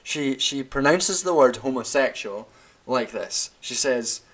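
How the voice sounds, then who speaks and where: A young man, drinking wine while ranting about a TV show in a profane, animated way, laughing and tripping over his words. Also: medium pitch, a little slow. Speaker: vlogger. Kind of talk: casual rant.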